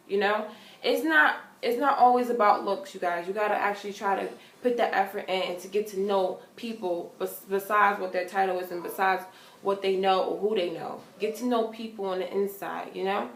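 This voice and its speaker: A woman's voice: medium pitch, normal speed. Earnest young woman vlogging in an echoey room. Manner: earnest, big-sisterly, animated when telling stories. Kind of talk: casual advice vlog.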